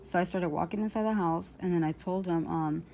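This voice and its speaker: Brief: woman in a vlog rant, lowish voice, aggrieved, rambling with lots of ums. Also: brisk, creaky, mellow, a little hiss or hum. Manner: rambling, full of fillers and restarts; aggrieved, indignant. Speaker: vlogger. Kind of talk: personal storytelling rant.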